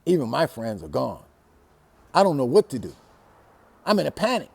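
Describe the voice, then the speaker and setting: A man from Los Angeles hosting a storytelling show, telling a personal story in a casual, profane way that swings from hushed to loud. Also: medium pitch, wildly swooping pitch, normal speed, vocal fry, husky. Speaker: storytelling host.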